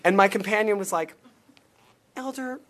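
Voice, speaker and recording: A man talking as a guest in a casual interview, telling animated stories with bursts of laughter. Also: a little high, moderate pace, slight background noise. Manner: animated storyteller, acts out quotes with laughter. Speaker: guest, former missionary and stage performer.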